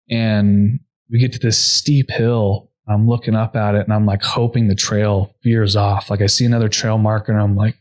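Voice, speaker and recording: A young adult man, a podcast guest, earnestly telling a personal story at a quick clip, full of "like" fillers. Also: fairly low pitch, flat delivery, a little mellow. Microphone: podcast microphone.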